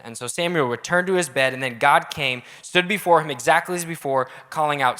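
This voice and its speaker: A young adult man preaching a casual, energetic youth sermon in a church auditorium, talking directly with the crowd. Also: on the high side, brisk, few pauses. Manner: energetic, casual, audience-engaging. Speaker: youth pastor. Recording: echoey hall.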